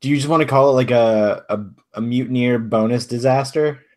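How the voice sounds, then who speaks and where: A man's voice: mid-range voice, a little fast, a little mellow. A man co-hosting a podcast in casual chat, hesitant with many ums and frequent chuckles. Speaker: podcast co-host.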